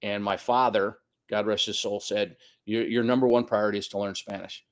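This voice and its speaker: A man's voice: lowish voice, steady tone, brisk. A man in his fifties telling a long personal story as a guest on a podcast, acting out the voices of the people he quotes. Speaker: guest soccer coach. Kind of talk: casual storytelling interview.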